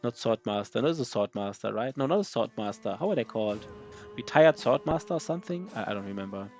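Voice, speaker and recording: A man talking his way through a live game stream in a loose, rambling voice of ordinary pitch, full of fillers and restarts as he answers chat. Faint music plays underneath him. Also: lively intonation, quick pace, darkish tone. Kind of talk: casual live-stream chat while gaming.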